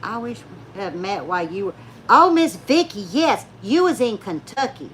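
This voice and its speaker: A woman's voice: mid-range voice, very animated, normal speed, a bit bright, slight background noise. A woman telling folksy stories to her viewers in a chatty way, laughing often and acting out the people she talks about. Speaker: YouTube vlogger. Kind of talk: casual storytelling chat to viewers.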